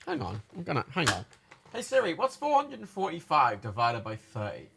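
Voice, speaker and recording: A man's voice: fairly high pitch, wildly swooping pitch, a little fast, creaky, noisy background. A British man chatting on a live game stream, swearing and laughing in disbelief. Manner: sweary, exasperated, laughs often.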